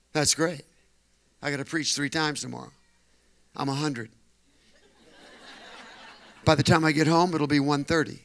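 An older male pastor preaching a sermon, telling a story that builds to shouted preaching. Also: on the high side, gravelly. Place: church.

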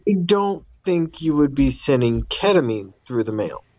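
A man's voice: mid-range voice, sing-song, normal speed, darkish tone, dry recording, highs cut off. A man co-hosting a podcast, asking skeptical questions in casual chat. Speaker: podcast co-host.

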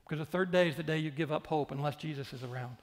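A male pastor preaches at a very fast clip in a fairly high voice, repeating phrases and firing questions directly at the congregation. A long hall reverb hangs over the recording.

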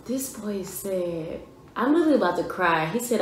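A young woman reacting to a music video, casual and emphatic, full of slang and excited outbursts. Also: medium pitch, moderate pace, a little hiss or hum. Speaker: reaction vlogger. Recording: echoey room.

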